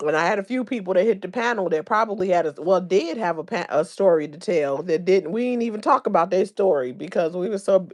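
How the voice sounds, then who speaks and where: A woman's voice: on the low side, quick pace, hardly any pauses. A woman hosting a casual livestream, chatting and reading viewers' comments aloud, laughing often. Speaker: livestream host.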